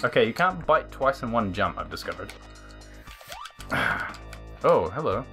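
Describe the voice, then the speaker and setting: An animated man chatting through a gameplay session. His voice is bright and bouncy, leaping high when he gets excited, and he curses freely at the screen. Faint chiptune music plays underneath. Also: a little slow. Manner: excitable, swears and laughs at the game. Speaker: let's play host. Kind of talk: casual gameplay commentary. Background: faint game music.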